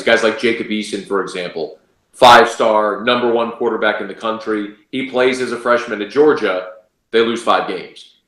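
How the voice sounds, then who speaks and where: A man's voice: lowish voice, a bit bright, echoey room. A man giving confident, emphatic college football analysis as a radio sports guest. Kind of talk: casual sports talk analysis.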